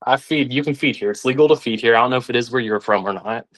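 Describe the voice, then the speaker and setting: Guy, young, telling stories all animated, mid pitch, acts out other people's voices. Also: fast talker. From Arkansas, United States. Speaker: guest. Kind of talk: casual storytelling.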